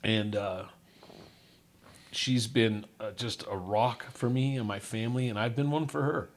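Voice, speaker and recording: A man's voice: mid-range voice, unhurried. A middle-aged man, a podcast guest, earnestly and casually telling a personal story from his life. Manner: earnest, casual, often says "dude".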